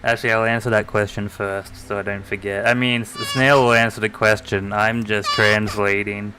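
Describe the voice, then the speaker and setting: A man chatting quietly on a live stream, keeping his voice soft because of a sore throat. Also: fairly low pitch, level tone, normal speed, a little hiss or hum. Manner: soft-spoken, near-ASMR quiet talk. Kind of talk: casual stream chat. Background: faint lo-fi music.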